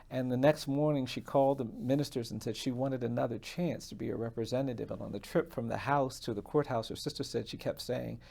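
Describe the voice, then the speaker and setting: A man, a defense attorney, telling a story in an interview in an earnest, measured way. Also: mid-range voice, fairly even intonation, gravelly, darkish tone.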